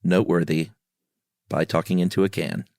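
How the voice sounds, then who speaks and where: A man's voice: deep voice, fairly even intonation, moderate pace, a little mellow, no echo, studio quality. A middle-aged man co-hosting a podcast, laid-back and teasing, often laughing. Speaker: podcast co-host. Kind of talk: casual chat.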